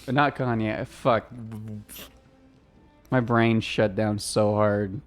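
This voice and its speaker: A man's voice: fairly low pitch, fairly even intonation, clean tone, soft background music. Rambling man streaming on a headset. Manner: rambling, self-interrupting, quick to laugh. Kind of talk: casual gaming stream chat.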